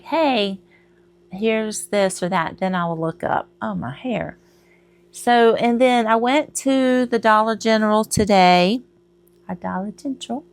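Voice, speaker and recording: A woman's voice: medium pitch, smooth. A middle-aged woman, chatting casually to camera at home, rambling and laughing at herself. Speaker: crochet vlogger.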